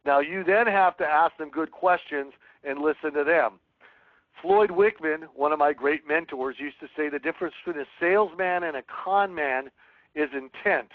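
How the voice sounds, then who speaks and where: A man's voice: fairly high pitch, moderate pace, dry recording. A man teaching a real estate sales webinar, coaching earnestly and reading sample phone scripts aloud. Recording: tinny phone-like line.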